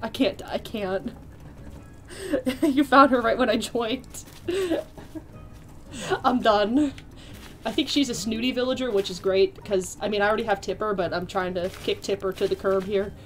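A young woman live-streaming a video game, excitable and quick to squeal and laugh as she chats with her viewers. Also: mid-range voice, faint music behind.

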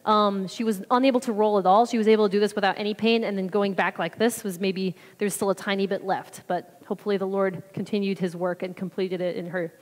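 A woman's voice: medium pitch, fairly even intonation, fast talker, hardly any pauses. A woman giving a chatty, rambling mission trip report at church, acting out what people said. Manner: chatty, rambling, acts out quotes. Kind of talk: casual testimony talk. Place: church sanctuary. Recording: reverberant hall.

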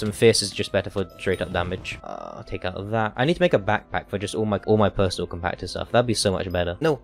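A man in a slightly low voice, talking casually to his chat as he plays. He jokes and whines in an over-the-top, mock-dramatic way. Faint music plays behind him. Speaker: game streamer. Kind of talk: casual live-stream chat while gaming.

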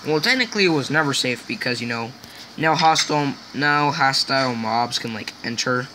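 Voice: medium pitch, moderate pace, noisy background. A gaming video host giving casual, rambling gameplay commentary, joking and poking fun at themselves. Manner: joking, rambling, self-mocking.

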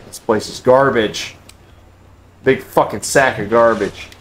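A man playing a video game live, cursing often and breaking into loud, high-pitched outbursts. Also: steady tone, slow pace, a little hiss or hum. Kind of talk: swearing live game commentary.

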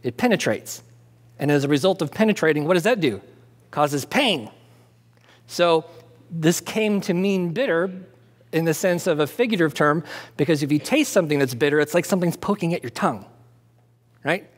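A fairly high-voiced man preaching a conversational sermon, animated and quick to ask himself questions and answer them. He slips in jokey asides. His voice rings with the long reverb of a large church hall. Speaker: pastor. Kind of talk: expository sermon.

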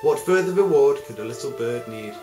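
A man's voice: medium pitch, animated, a little fast, lightly acted. Sweet humble little songbird, voiced by a man, light and raised, with echo and music behind. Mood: modest. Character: tiny modest nightingale, sweet and humble.

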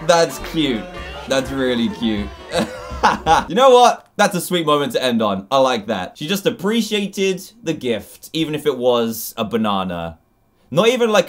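Lively young English man reacting to clips. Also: a little high. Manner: animated, exclaiming and laughing at clips. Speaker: YouTube host. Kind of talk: reaction commentary.

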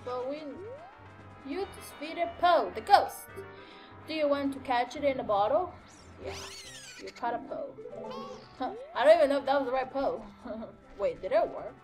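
Chatting her way through a video game, this young female gaming channel host sounds animated and a little mellow, her voice sitting high at a moderate pace. The let's-play commentary is casual and scattered, packed with fillers and exclamations. Game music plays faintly underneath.

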